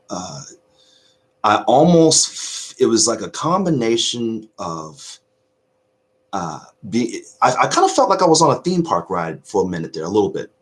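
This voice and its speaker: Husky choked-up man reflecting earnestly. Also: lowish voice. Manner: halting, choked-up, earnest, many restarts. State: choked up with emotion. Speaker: YouTube reaction host. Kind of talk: emotional casual reaction talk.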